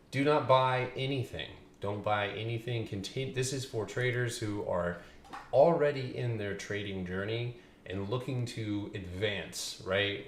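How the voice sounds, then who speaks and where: A man hosting a stock trading livestream, chatting loosely with viewers, joking and swearing as he walks through charts. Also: mid-range voice. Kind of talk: casual market commentary. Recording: echoey room with faint ambient noise.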